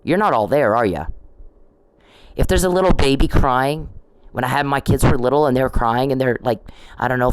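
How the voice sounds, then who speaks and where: A woman's voice: rumbling low, no echo, low-quality recording. Middle-aged woman, ranting vlog, scolding and repetitive, dry close sound. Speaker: vlogger. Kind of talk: ranting monologue to camera.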